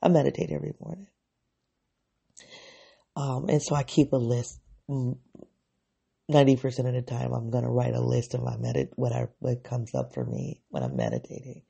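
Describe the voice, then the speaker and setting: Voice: medium pitch, expressive, normal speed, vocal fry, long pauses, warm tone, husky, lo-fi sound. A vlogger giving a reflective personal monologue, thinking aloud and correcting themselves as they go.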